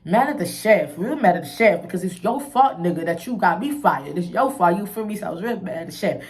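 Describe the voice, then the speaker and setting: A woman's voice: lowish voice, animated, brisk. A young woman telling a personal story in a casual vlog, candid and emotional, full of slang and asides to her viewers. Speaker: vlogger.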